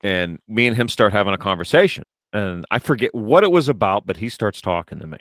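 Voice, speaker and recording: Deep-voiced man with lively storytelling. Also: fairly quick, no room sound, studio quality. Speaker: podcast co-host. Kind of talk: casual podcast chat.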